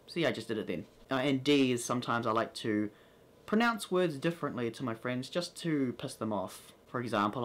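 A man's voice: mid-range voice, a bit bright. A young man with a New Zealand accent, casually reading a word list and answering questions for his video. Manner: playful, reads word list with drawn-out words. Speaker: vlogger.

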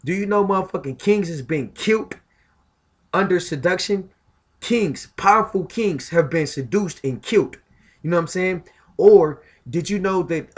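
A man with a slightly higher-pitched voice holds forth in a casual, profane spiritual monologue. He talks with heavy emphasis, keeps looping back to filler phrases, and stumbles over repeated words as he pushes his point. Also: husky. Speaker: self-styled spiritual commentator.

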